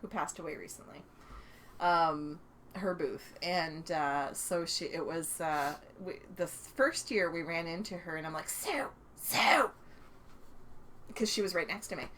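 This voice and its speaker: A woman's voice: low voice, normal speed, a bit bright, slight background noise. A Canadian woman co-hosting a podcast, chatting casually and telling stories with lots of laughter and acted-out quotes. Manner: chatty storyteller, laughs often, acts out quotes. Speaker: podcast co-host. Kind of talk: casual chat.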